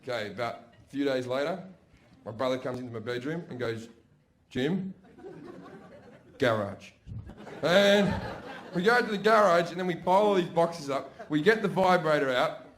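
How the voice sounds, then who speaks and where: A man's voice: on the high side, a little fast, fairly bright tone. A man doing brash, profane stand-up storytelling on stage. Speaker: stand-up comedian. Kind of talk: stand-up comedy. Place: comedy stage before a laughing audience.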